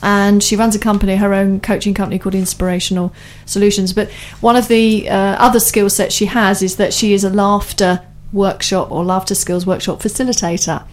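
A woman's voice: medium pitch, fairly even intonation, a little fast, hardly any pauses. A woman hosting a radio chat show, talking enthusiastically in long, running sentences. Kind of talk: casual studio chat.

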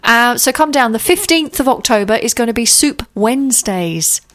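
A woman co-hosting a radio show, chatting casually with lots of ums and quick laughs. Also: a little high, animated, fairly bright tone. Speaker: radio co-host.

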